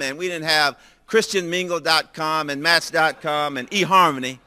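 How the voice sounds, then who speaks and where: An older man preaching, telling a personal story in a lively way and acting out the dialogue. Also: on the high side. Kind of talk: storytelling sermon.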